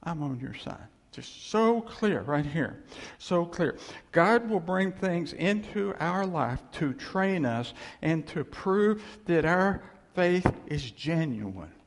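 A man's voice: a little high, sing-song, takes it slowly, in a large hall. A man preaching a sermon in an earnest, conversational way, often repeating phrases for emphasis.

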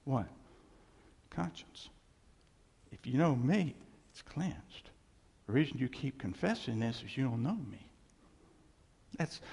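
A man preaching in an animated way, rising to loud exclamations and then dropping to hushed asides. His voice is gravelly and husky, and it carries a long reverb from the hall around him. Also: on the high side. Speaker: pastor. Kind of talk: sermon.

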